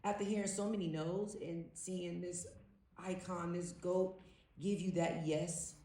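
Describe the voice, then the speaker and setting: A woman on a panel telling a story in a casual, slangy, animated way, laughing often. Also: lowish voice, a little slow. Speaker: panel guest actor. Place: large event hall. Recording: echoey hall, distant mic.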